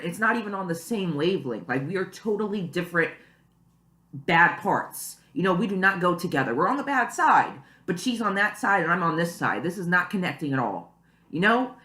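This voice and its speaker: A woman's voice: lowish voice, sing-song, moderate pace, bright, forceful tone. A young woman vlogging casually to camera at home, rambling and chatty with lots of "you know" and "like". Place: at home, early morning. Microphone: camera mic. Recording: echoey room.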